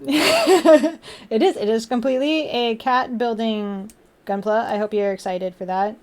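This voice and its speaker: A woman's voice: a little high, a little slow. Giggly young woman streamer. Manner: giggly, chatty, baby-talks to her cats. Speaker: livestream host. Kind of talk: casual livestream chat.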